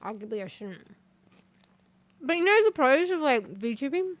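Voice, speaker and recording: A woman's voice: high-pitched, very animated, a little slow, highs cut off. Chatty, foul-mouthed young woman streamer. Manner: chatty, swears casually, laughs often. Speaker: VTuber streamer. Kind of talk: casual stream chat while eating. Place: home room with a fan.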